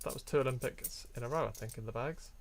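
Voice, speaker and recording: A man's voice: medium pitch, quick pace, slight background noise. A man chatting casually on a live stream, reading out items and laughing often. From Europe. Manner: chatty, laughs often, reads out coin names. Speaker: coin hunting streamer.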